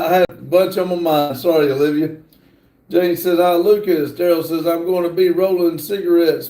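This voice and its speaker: A middle-aged man hosting a casual livestream, reading viewer comments aloud in a halting, apologetic way. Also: a little high, dark tone. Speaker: livestream host. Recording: roomy echo.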